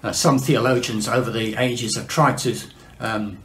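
Man, sermon, measured pace with fillers, roomy echo. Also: mid-range voice, fairly even intonation, a bit bright. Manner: measured, slows for emphasis, frequent fillers. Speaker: preacher. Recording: echoey room.

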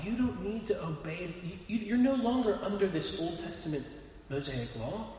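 A man's voice: sits high, lively intonation, normal speed, mellow. A man preaching a sermon in a conversational way, asking rhetorical questions and often restarting his words, in a church hall. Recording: echoey hall with long reverb, faint noise.

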